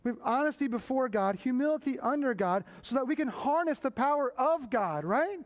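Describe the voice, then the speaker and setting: Pastor guy preaching, fairly high voice, long echo like a big hall. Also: expressive, a little fast, dull audio. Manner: preaching with rising emphasis and repeated call-and-response asides. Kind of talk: sermon.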